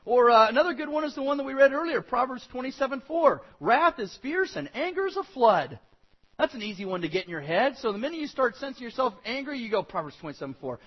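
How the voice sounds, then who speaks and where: Lively high-voiced male preacher. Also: quick pace, hardly any pauses, dull audio. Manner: animated preaching, acts out quoted voices. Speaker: pastor. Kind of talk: sermon.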